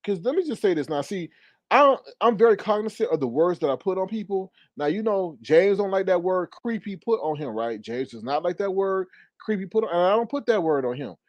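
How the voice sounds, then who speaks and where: A sassy man rants straight into his phone from home, animated and quick to climb higher when he gets riled. His voice sits a little on the high side. The sound is close and dry, with no room around it. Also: dry recording. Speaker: commentary vlogger. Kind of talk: casual commentary rant.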